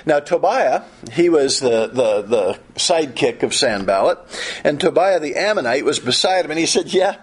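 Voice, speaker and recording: A middle-aged man preaching a sermon in an animated way, often repeating and restarting his phrases. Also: fairly high pitch, normal speed, breathy edge.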